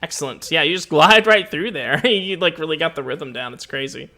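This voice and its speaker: A man runs a tabletop game, narrating in a relaxed, hesitant way with frequent pauses and filler words. His voice is a little high, bright and forceful, with a gravelly fry underneath. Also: faint music behind. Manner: relaxed, hesitant, lots of uhs and laughs. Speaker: game master.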